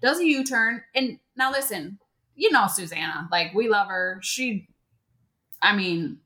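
A woman co-hosting a podcast, telling a story in a casual, animated way and acting out what people said. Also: medium pitch, a little slow. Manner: animated, acts out quotes in character voices. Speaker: podcast co-host.

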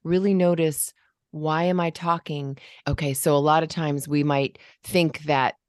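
Woman, low pitch, dry sound, coaching parents, casual talk. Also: steady tone, measured pace, no room sound. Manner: coaching, demonstrates voices. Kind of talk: casual conversation.

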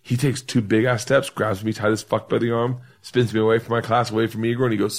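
A middle-aged comedian telling a rowdy, profane story in a casual podcast chat, laughing and acting out the other people's lines. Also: male voice, mid-range voice, fast, hardly any pauses. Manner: animated, swearing, laughing storyteller acting out quotes. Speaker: comedian guest.

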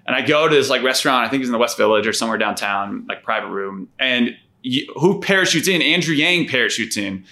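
A man in his thirties tells stories in loose, casual conversation and slips into the voices of the people he quotes. His voice is bright and forward, with a quick, lively delivery. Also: medium pitch. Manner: animated storyteller, acts out quoted voices. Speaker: former campaign manager.

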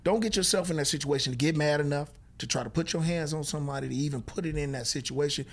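Fast-talking blunt man, fairly high voice. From Oakland, California. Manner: profane, blunt, streetwise; repeats "you know what I'm saying". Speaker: guest, former basketball player. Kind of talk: casual podcast chat.

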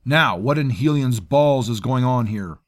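A man's voice: medium pitch, measured pace, voice pushed up, lightly acted. A man voicing a menacing male mercenary captain who barks orders and growls threats. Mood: commanding. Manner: menacing, commanding.

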